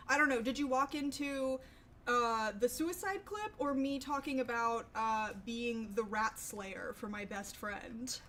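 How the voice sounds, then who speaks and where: A woman's voice: fairly high pitch, a bit bright. A young woman chatting casually with her stream viewers, rambling and swearing freely. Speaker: livestreamer.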